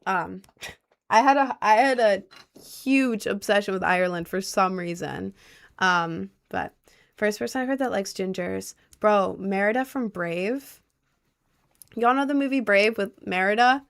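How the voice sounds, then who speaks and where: Young woman streamer, mid-pitched, casual, sarcastic while reading chat. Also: a little slow, creaky. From Maryland, USA. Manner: playful, answers chat questions with dry sarcasm.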